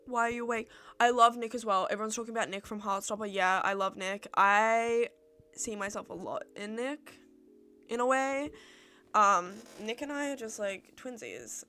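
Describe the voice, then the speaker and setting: Young Australian woman, chatty streamer answering viewer questions, mid-range voice, soft music under her. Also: mid-range voice, clean tone. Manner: chatty and rambling, acts out her own remarks in little quoted exchanges. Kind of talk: casual livestream chat.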